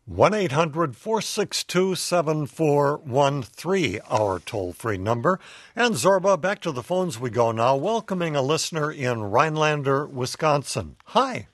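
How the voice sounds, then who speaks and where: A man co-hosting a radio talk show, giving the phone number and welcoming callers in a brisk, friendly way. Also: fairly high pitch, very animated, no room sound. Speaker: radio co-host.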